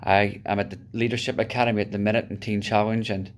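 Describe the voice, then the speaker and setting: A man from Northern Ireland giving a heartfelt personal testimony in a steady way, with occasional fillers. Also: lowish voice, quick pace. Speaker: testimony speaker.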